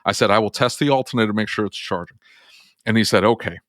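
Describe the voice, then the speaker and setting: A man's voice: fairly low pitch, fast, fairly bright tone, no echo, studio quality. A man who runs an auto repair shop, telling a story on a podcast and acting out both sides of his phone calls.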